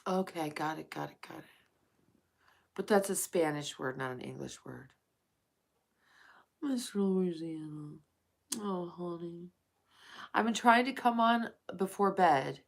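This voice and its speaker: A woman's voice: lowish voice, lively intonation, moderate pace, gravelly. A woman live streaming at night, chatting casually with viewers and calling them honey and darling.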